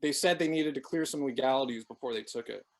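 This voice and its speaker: A man's voice: mid-range voice, fast, lightly acted. A man reading aloud, voicing a slurring, scheming man who turns panicky when threatened. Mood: wheedling. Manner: wheedling, then pleading.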